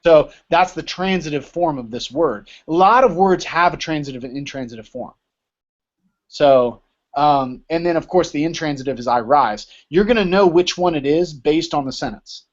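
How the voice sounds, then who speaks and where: Male teacher, casual lecture, keeps asking "right?", slightly high voice, muffled lo-fi audio. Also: normal speed. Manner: explains with many rhetorical checks like "right?". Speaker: Greek teacher. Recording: dull lo-fi recording.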